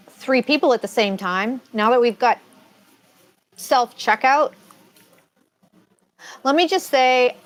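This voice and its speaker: Chatty woman host with a higher voice. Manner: rambling, self-correcting storyteller. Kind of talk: casual live-stream chat.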